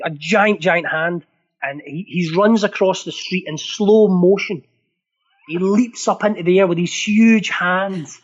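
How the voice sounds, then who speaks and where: A man's voice: sits high, lo-fi sound. A Scottish man, a podcast guest, telling a long funny anecdote and often laughing and repeating words as he goes. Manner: laughs through his story, repeats words. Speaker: guest storyteller.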